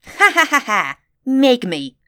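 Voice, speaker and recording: A woman's voice: medium pitch, huge pitch swings, measured pace, voice pushed up. A woman playing a cocky, taunting boy. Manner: mocking, cocky. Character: taunting boy, older brother, teasing.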